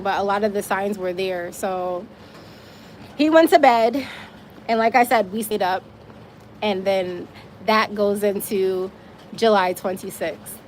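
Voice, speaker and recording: A woman telling her own story on a casual livestream, animated and emphatic, swearing now and then. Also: medium pitch, a little hiss or hum.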